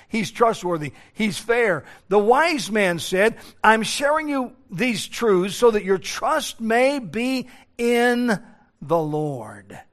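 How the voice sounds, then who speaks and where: Guy preaching a sermon, pretty high voice, keeps repeating himself for emphasis. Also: a bit bright. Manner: emphatic preaching with repetitions and restarts.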